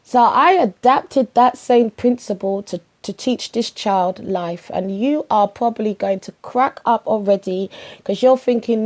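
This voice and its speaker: A woman with a British accent hosting a podcast, telling a comedic story in an animated, slangy way, full of rapid asides. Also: mid-range voice. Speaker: podcast host.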